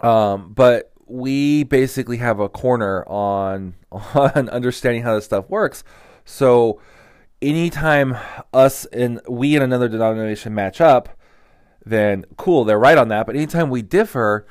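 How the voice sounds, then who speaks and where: A man's voice: medium pitch, unhurried, a little mellow, clean tone, no echo, studio quality. A man giving a casual, rambling church teaching talk, full of "like" and restarts. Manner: rambling, many "like" fillers and restarts; candid, storytelling.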